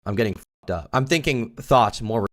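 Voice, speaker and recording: A man's voice: medium pitch, lively intonation, moderate pace, a bit bright. A young man telling a long story in a loose, rambling way, repeating himself with lots of fillers. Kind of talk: casual storytelling.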